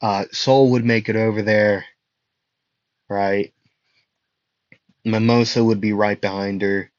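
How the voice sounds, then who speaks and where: A young man rambles through a made-up fan story at an unhurried pace, joking and correcting himself as he goes. His voice sits at an ordinary middle pitch. It comes through a dull, lo-fi home mic with a very dry sound. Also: fairly even intonation, no echo. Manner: rambling, self-correcting, jokey.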